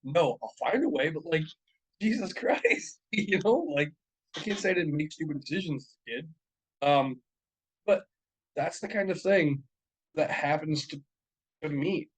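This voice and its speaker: A young man with a slightly raised pitch rambles through a casual podcast chat. He swears freely, piles on fillers and restarts, and laughs as he tells his stories. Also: expressive, measured pace, long pauses, breathy edge, rough recording. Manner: profane, rambling storytelling with frequent laughs and fillers. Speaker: podcast co-host.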